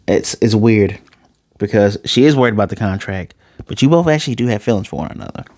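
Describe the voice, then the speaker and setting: A man's voice: lowish voice, lively intonation, quick pace, darkish tone, dry recording. Young guy gabbing through an anime recap, slangy and jokey, cusses a lot, dead dry sound. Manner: loose, joking, slangy, swears freely. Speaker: anime reviewer. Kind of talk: casual recap and review.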